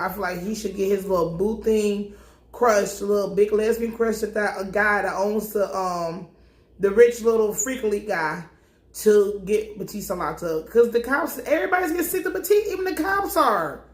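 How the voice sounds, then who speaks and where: A young adult woman with a mid-range voice briskly recaps a TV episode as a vlogger, keeping it casual, slangy, profane and jokey. She's recorded in an echoey room.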